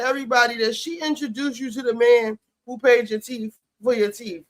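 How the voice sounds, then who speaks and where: A man's voice: very high-pitched, fairly even intonation, brisk, few pauses. A man giving sassy, profane, heated commentary on a reality show while cooking in his home kitchen. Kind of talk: casual commentary chat.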